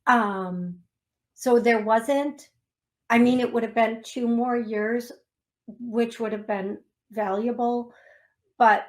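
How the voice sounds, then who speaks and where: Slow, gentle woman hosting call-in radio. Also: a little high. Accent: Upper Midwest American. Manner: slow, gentle, emotional, reads chat messages aloud. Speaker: psychic medium radio host.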